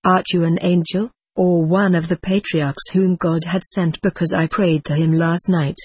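A reader voicing a gentle, frightened young girl who asks soft, pleading questions, read as an audiobook. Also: medium pitch, little pitch movement, normal speed, slightly rough, no room sound, close to an everyday voice. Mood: wondering. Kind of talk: audiobook reading.

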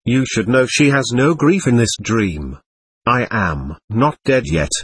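An earnest, tender spirit of a young woman, read by a man in a calm, measured way. The voice is husky and close, with almost no room sound. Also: medium pitch, dry recording.

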